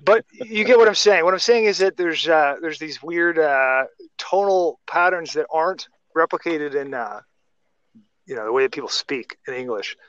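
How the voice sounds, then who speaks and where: A man's voice: fairly high pitch, normal speed, a bit bright, clear, resonant tone, dry recording. A man talking casually in a podcast chat, rambling through restarts and tangents. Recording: dry, muffled lo-fi sound.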